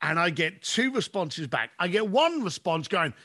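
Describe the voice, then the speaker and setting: A man's voice: sits high, sing-song, moderate pace, sharp tone. A man, a business coach telling stories in a podcast conversation and acting out his clients' lines.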